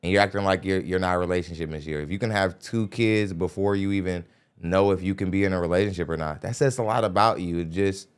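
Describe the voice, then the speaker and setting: A man's voice: low-pitched, fairly even intonation, fast, clean tone. A man hosting a podcast, commenting bluntly and lecturing his listeners in a casual way. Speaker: podcast host reacting to a clip. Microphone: studio microphone.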